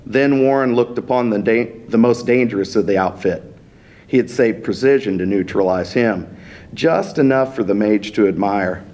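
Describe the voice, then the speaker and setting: A man, an author, reading his fantasy story aloud in a steady, unhurried narration. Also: on the low side.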